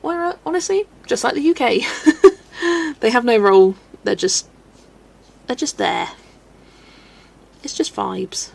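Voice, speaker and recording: With a fairly high, sing-song and creaky voice, she speaks a little slowly and pauses often. A British woman hosting a relaxed colouring stream, she rambles chattily, laughs frequently and reads viewer comments out loud.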